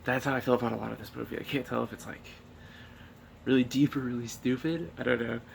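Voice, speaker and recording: Gravelly man rambling through a review. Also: mid-range voice, steady tone, fast talker, a little hiss or hum. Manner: rambling, profane, many fillers and restarts. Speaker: movie reviewer. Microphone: camera filming himself.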